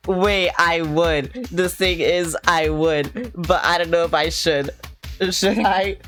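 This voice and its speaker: A woman's voice: on the low side, takes it slowly, fairly bright tone, faint music behind. A woman reading a jealous, unhinged husband caller.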